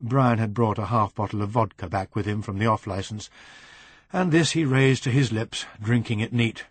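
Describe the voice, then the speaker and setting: A man narrating a novel as an audiobook reader, in a measured way that slows on descriptive phrases. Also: lowish voice, breathy edge, dry recording.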